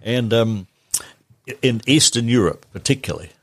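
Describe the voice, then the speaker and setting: Gravelly, husky older man. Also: medium pitch, lively intonation, normal speed, no room sound. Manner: plain-spoken, matter-of-fact recollection. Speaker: podcast guest. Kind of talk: reminiscing interview answers.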